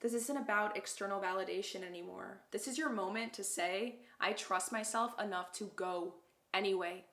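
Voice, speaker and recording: A woman's voice: medium pitch, normal speed, fairly bright tone. Effusive woman reading cards, echoey room. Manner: effusive and heartfelt, stressing lines for emphasis. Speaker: tarot card reader. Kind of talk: casual pick-a-card reading to viewers.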